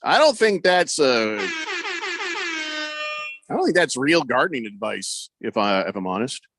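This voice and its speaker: A man's voice: medium pitch, big pitch swings, unhurried, a bit bright, no echo. A man hosting casual sports radio banter, joking and reading out listener messages on a studio microphone. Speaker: radio host.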